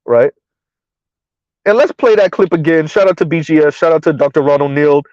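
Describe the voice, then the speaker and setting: A high-pitched man hosts a casual commentary show. He talks bluntly and sarcastically and keeps rambling through restarts. The recording is dry and a little dull and lo-fi. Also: quick pace, a little mellow, no echo.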